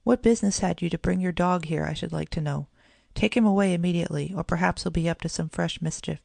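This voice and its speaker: Old shopkeeper guy, harsh and scolding, very gravelly, narrator doing him. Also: medium pitch, fast talker, no echo. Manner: sharp, scolding and threatening.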